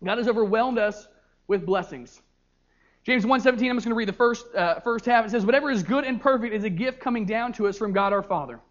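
A young male youth pastor preaching a sermon, his voice sitting high for a man. He tells stories with animated energy and often stumbles over repeated words. The recording is dull and lo-fi. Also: quick pace, hardly any pauses.

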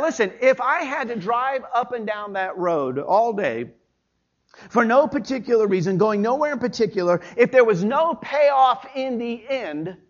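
A man preaches a Sunday sermon in a conversational, folksy way, with homey stories between the verses. His voice sits high and swings widely in pitch. The church recording sounds a little dull and lo-fi. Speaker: pastor.

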